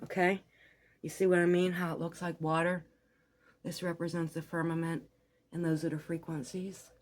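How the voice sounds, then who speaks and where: A woman's voice: on the low side, flat delivery, moderate pace. A woman giving rambling, conspiratorial commentary over a video as a vlogger. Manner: rambling, conspiratorial, swears casually.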